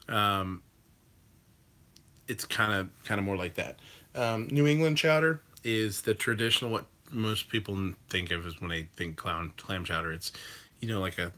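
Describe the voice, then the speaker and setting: Man, livestream host, casual rambling chat, bright forceful voice, curses, lots of fillers. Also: lowish voice. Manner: rambling, loose, with swearing and many fillers; reacts to viewer comments.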